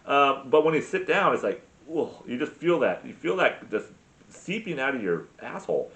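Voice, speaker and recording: A man rants through a profane comic monologue. He stumbles over fillers and restarts as he goes, and his pitch moves all over the place. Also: very animated, moderate pace, vocal fry, fairly bright tone. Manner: crude, rambling, full of fillers and restarts. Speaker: comedy podcast host.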